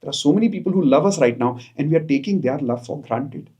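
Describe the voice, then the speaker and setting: A man's voice: on the high side, lively intonation, quick pace, dark tone, breathy edge, highs cut off. A man, coaching viewers through spoken affirmations and repeating each phrase with them. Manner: coaxing, repeats each phrase, mixes in Hindi. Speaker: self-help coach. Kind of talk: guided affirmation session for viewers. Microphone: camera, self-recorded.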